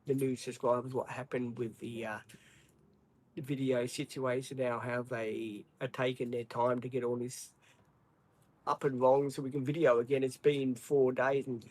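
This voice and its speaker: A man's voice: mid-range voice, little pitch movement, normal speed, darkish tone, husky, low-quality recording. An Australian man hosting a livestream, chatting casually, apologetic and rambling with many ums. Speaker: livestream host. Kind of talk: casual live-stream chat.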